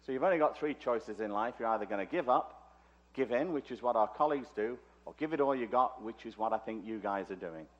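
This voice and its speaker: A British-accented man from Liverpool, England gives a conference talk in a conference hall, peppering it with chatty, joking asides. His medium-pitched voice is brisk with lively intonation, and the highs are cut off.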